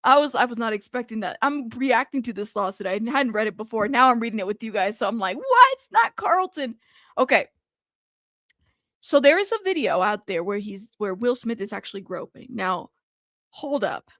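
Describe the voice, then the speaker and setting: A woman's voice: on the high side, expressive, brisk, a bit bright, no echo, studio quality. A woman hosting a news commentary channel, reading a lawsuit aloud for her viewers and breaking into amused asides. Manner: reads legal text aloud, breaks into amused asides and laughter.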